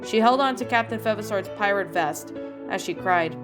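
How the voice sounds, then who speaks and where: A woman reading her own fan fiction aloud, steady with small self-corrections. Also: mid-range voice, normal speed. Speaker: fan fiction author and reader. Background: faint music.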